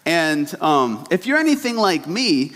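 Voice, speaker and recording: Young man, youth pastor, high voice, casual laughing sermon, long hall reverb. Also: big pitch swings, a little slow, fairly bright tone. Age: young adult. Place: church sanctuary.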